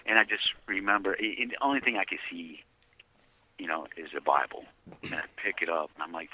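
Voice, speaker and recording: A man giving an earnest, heavy personal testimony by phone from prison, often dropping to a hushed voice. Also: deep voice, animated, fairly quick, dry recording. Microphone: prison payphone handset. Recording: dull dry phone-call audio.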